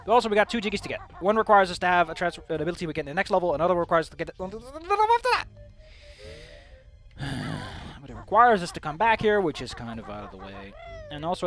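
A man's voice: sits high, expressive, quick pace, fairly bright tone, soft background music. Sarcastic man streaming a game. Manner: sarcastic, joking asides to chat. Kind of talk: casual gameplay commentary.

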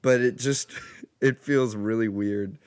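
A young man co-hosting a casual podcast. He speaks loosely and haltingly, with many fillers and restarts. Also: fairly low pitch, steady tone, darkish tone, clean tone. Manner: hesitant, filler-heavy talk. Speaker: podcast co-host. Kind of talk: casual chat.

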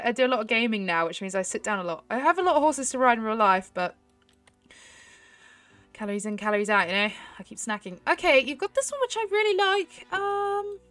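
A young woman chatting excitedly to her viewers while she plays a horse game, giggling often. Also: on the high side. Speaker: gaming YouTuber. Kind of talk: casual gameplay commentary.

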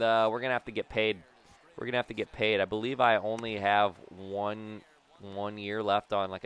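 A young man casually commentating his own baseball video game, joking around and breaking into loud cheers and yells. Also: on the low side, clean tone. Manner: excitable, jokey, bursts into loud cheers and yells. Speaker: gaming YouTuber.

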